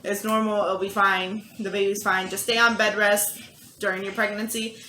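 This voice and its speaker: A young woman telling a personal story in casual chat, animated and quick to act out what others said. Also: mid-range voice, a little hiss or hum. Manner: chatty, animated, acts out quotes. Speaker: vlog co-host, mother. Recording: echoey room with music behind.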